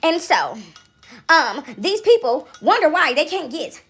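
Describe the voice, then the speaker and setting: A woman's voice: high-pitched, very animated, unhurried, a bit bright, soft background music. A woman talking straight to her audience in a casual spiritual monologue, preachy and slangy, often breaking into laughter. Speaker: vlogger.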